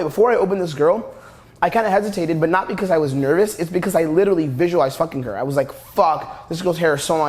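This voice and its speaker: Young dude breaking down his own footage, talks super fast, blunt and crude. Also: a little high. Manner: blunt, crude, repeats "literally". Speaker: dating coach. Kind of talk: commentary over video footage.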